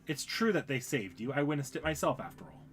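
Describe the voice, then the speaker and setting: A man reading the lines of an earnest, loyal young knight from a game in a calm, formal way. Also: a little high, fast talker, faint music behind. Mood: firm.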